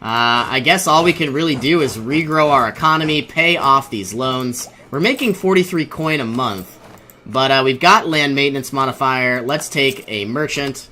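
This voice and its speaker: A man's voice: medium pitch, moderate pace, pushed and bright, slight background noise. A young man giving casual commentary over his own strategy game, thinking aloud, often exasperated and laughing. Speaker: let's play host.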